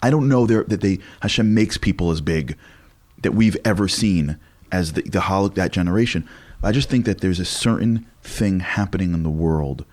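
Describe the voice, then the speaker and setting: A man in his forties, a lecturer speaking as a guest in an interview, telling stories in an animated way with frequent restarts. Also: low voice. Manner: animated, fast, with many restarts. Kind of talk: conversational storytelling interview.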